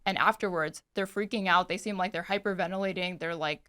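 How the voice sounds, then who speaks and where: A woman's voice: on the low side, steady tone, a little fast, pushed and bright, clear, resonant tone. A woman guest on a talk podcast, arguing her side in a heated debate. She pushes her points with probing hypothetical questions and counterarguments.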